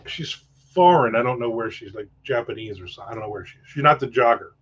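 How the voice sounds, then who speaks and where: A man's voice: medium pitch, fast talker, fairly bright tone, a little hiss or hum. A man hosting a casual livestream chat, rambling with profane jokes and asides. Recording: dull lo-fi sound.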